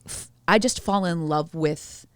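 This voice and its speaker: A woman chats on a casual review podcast, her voice sitting lower than most women's. She gushes and jumps around with playful swearing. The sound is close and dry, with no room around it. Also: measured pace, clear, resonant tone, dry recording. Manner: animated, gushing, swears playfully. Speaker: co-host.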